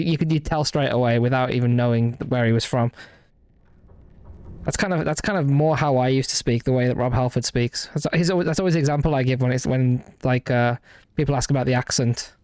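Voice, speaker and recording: Casual game commentary from a young Midlands man with a light accent, full of restarts and hesitant, rambling phrasing. The voice sits mid-range with a darkish quality, and there's no room sound at all.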